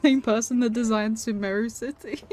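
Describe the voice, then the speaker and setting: A woman's voice: fairly high pitch, a little mellow. A young woman streaming a game, chatting playfully with her viewers. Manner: playful, chatty, talks to viewers with quick laughs. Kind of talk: casual live-stream chat while playing.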